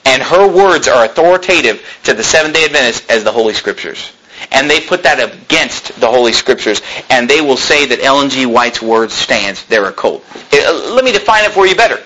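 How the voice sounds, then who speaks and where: A man's voice: mid-range voice, animated, brisk, bright, forceful tone, low-quality recording. A man preaching a sermon as pastor, building to emphatic rising peaks and voicing his listeners' objections.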